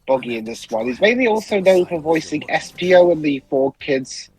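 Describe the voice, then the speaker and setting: A man's voice: a little high, expressive, brisk, darkish tone, soft background music, rough recording. A man giving casual gaming commentary, dry and hesitant, with plenty of ums. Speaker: let's play commentator.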